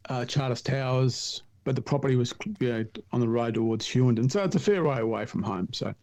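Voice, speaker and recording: A man's voice: medium pitch, a little fast. A middle-aged Australian man telling a hunting story in a casual podcast chat, laughing at his own tales. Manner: animated yarn-spinner, laughs at his own stories. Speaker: podcast guest, hunter and writer.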